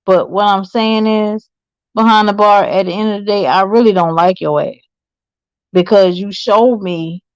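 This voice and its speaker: Woman with a gravelly voice; blunt, confrontational panelist; dry sound. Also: medium pitch, dry recording, poor audio. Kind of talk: casual chat.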